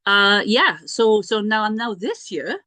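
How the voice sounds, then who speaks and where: Middle-aged female healer, mid-pitched, casual rambling storyteller, dry sound. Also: very animated, slow, pushed and bright, dry recording. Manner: chatty, self-mocking, many restarts and asides. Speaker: priestess and healer.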